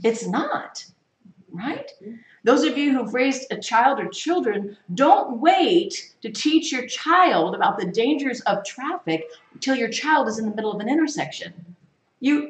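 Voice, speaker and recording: A woman's voice: high voice, big pitch swings, unhurried. A woman leading a Bible study, teaching in an emphatic sermon style full of rhetorical questions. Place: church. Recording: echoey room, mic far off.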